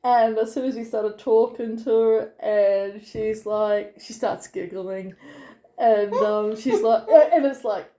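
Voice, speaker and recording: An Australian woman telling travel stories in casual chat, animated and quick to act out what people said. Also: fairly high pitch, roomy sound. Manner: animated storyteller, acts out quotes. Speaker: travelling vlogger. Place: friends' home.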